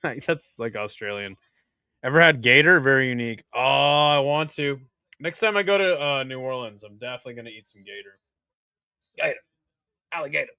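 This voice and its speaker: A young man hosting a casual live-stream watch party, crude and excitable, joking with his chat. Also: mid-range voice, a little fast, clear, resonant tone, no echo, studio quality.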